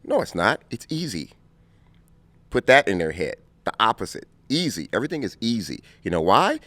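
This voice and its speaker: A man in his fifties from Compton, telling stories as an interview guest, animated and quick to laugh. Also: lowish voice, dry recording. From Compton, California. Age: 50s. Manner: animated, laughing storyteller who acts out scenes. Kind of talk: casual interview storytelling.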